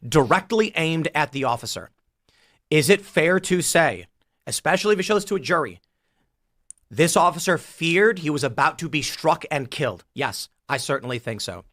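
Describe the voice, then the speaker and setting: A man's voice: on the high side, animated, normal speed, fairly bright tone, dry recording, clean studio sound. Emphatic male commentator. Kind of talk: reading and commenting on a news report.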